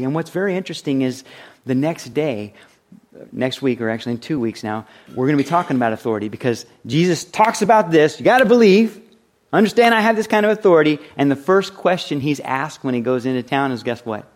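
Male pastor, sermon; chatty, rhetorical, lively pitch jumps, mid-range voice. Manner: conversational, rhetorical questions, wide dramatic pitch swings.

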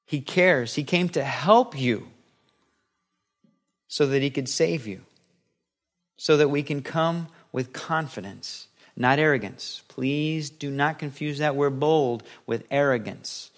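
Animated middle-aged male preacher. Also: medium pitch, slow. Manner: animated, playful preaching that acts out little scenes. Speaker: pastor. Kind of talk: sermon.

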